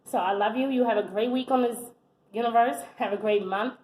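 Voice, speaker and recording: A young American woman giving a casual tarot reading in an animated, exclamatory way, often repeating her phrases. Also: a little high, fairly quick. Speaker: tarot reader. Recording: echoey room.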